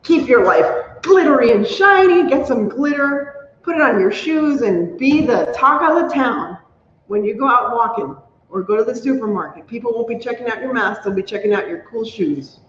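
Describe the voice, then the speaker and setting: A woman hosting a casual live crafting stream, chatty and upbeat, thanking her viewers warmly. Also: a little high, expressive, normal speed. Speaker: livestream crafting host. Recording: echoey room, dull lo-fi sound.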